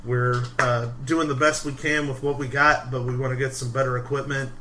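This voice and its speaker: A man's voice: medium pitch, level tone, brisk, background noise. A young man co-hosting a podcast, chatting casually with frequent laughs and rambling fillers. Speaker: podcast co-host. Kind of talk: casual banter.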